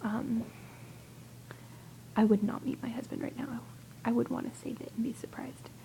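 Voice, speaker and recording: A young woman vlogging to a friend, talking mostly in a hushed whisper and rambling with hesitant fillers. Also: fairly high pitch, steady tone, moderate pace, vocal fry, rough recording. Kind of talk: casual whispered video chat to a friend.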